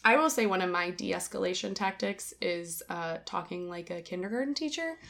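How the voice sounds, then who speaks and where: A woman co-hosting a casual podcast, telling stories in an animated way with many fillers. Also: fairly low pitch, moderate pace, creaky. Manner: animated storyteller, lots of "like". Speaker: podcast co-host. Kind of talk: casual chat, storytelling.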